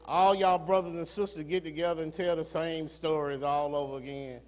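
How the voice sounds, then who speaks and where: A pastor delivers a sermon in a church, his fairly high voice ringing with a long hall reverb. He starts in an easy, conversational register and climbs into fervent, rising preaching. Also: steady tone, normal speed. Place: church sanctuary.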